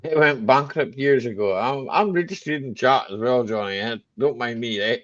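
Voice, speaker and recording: A man's voice: medium pitch, normal speed, lo-fi sound. A man hosting a casual live chat stream, joking and laughing a lot as he answers viewers. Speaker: livestream host.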